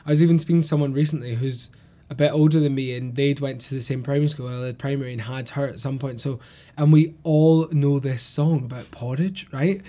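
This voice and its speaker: A man with a softened Glasgow Scottish accent, co-hosting a casual podcast chat and telling lively stories with plenty of swearing. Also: mid-range voice, brisk. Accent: Glasgow Scottish, mellowed. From Scotland, Glasgow. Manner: animated storyteller, swears freely, laughs often. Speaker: podcast co-host.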